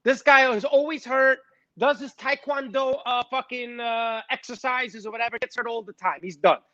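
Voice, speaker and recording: A man's voice: very high-pitched, fairly even intonation, moderate pace, bright, forceful tone, no echo, dull audio. A man co-hosting a sports podcast, blunt and dismissive, swearing as he sizes up players. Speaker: podcast co-host. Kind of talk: casual sports chat.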